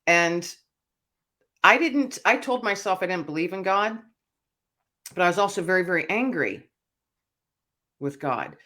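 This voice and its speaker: A woman speaks as an interview guest, sharing a personal testimony. She talks in an earnest, reflective way, letting her voice fall quiet when the story turns heavy. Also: on the low side, big pitch swings, unhurried, pauses often.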